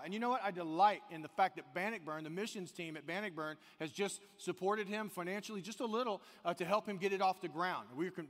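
A man from the American South preaching a sermon in a church, animated, swinging between loud emphasis and quiet intensity. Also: sits high. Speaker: pastor. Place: church sanctuary. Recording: long hall reverb.

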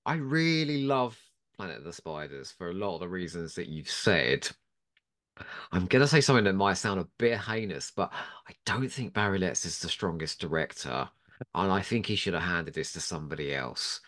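A man with a very deep voice that swings widely in pitch. He banters in a playful way on a relaxed panel show. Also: moderate pace. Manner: playful, laughs often. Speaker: podcast co-host. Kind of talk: casual panel discussion.

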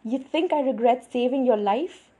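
Brooding teenage boy, read by a woman: low, terse, breathy tone. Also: level tone, moderate pace, dark tone. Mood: angry.

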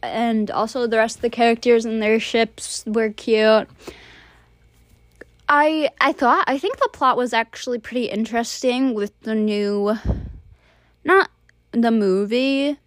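In a dry, clean studio recording, a young woman speaks a little slowly in a fairly high voice. It's a casual monthly review chat about movies and shows, where she meanders, gives blunt opinions, and leans on plenty of fillers.

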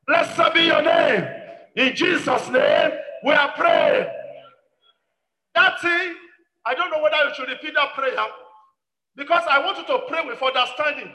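A man's voice: extremely high pitch, moderate pace, some chatter behind. A man, a pastor leading a congregation in fervent prayer, calling out repeated commands. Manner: shouted, repetitive commanding prayer. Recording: echoey hall with long reverb.

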